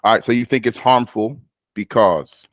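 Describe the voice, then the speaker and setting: A man's voice: medium pitch, moderate pace, no echo. A man tutoring a student in spoken English, patient and coaching, often stopping himself mid-sentence. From United States. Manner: patient, coaching, self-interrupting. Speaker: speaking tutor. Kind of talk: one-on-one practice session.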